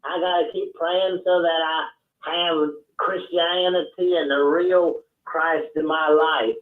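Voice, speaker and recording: A man from Texas, calling in and speaking in a halting, stammering, earnest way. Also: on the high side, level tone. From Texas, USA. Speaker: caller. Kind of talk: phone-in call. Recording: tinny phone line.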